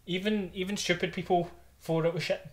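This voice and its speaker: A man's voice: sits high, brisk. Man telling stories. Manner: animated storytelling, swearing, laughing often. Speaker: podcast co-host. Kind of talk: casual chat.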